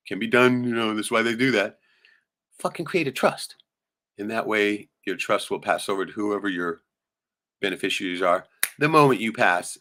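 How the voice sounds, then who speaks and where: Profane rambling man, lowish voice. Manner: profane, rambling storyteller with sudden loud jumps. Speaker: live streamer. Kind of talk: casual venting monologue showing photos.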